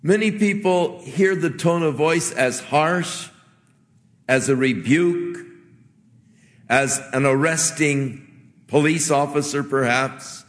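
A man preaching a sermon as a pastor, in a gentle, conversational way with earnest pauses. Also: on the high side, big-room sound.

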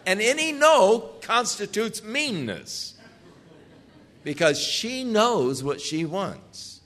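An older man preaching in a slow, unhurried sermon. His pitch rises and falls widely as he presses earnest, emphatic questions on his listeners. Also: very animated, a bit bright.

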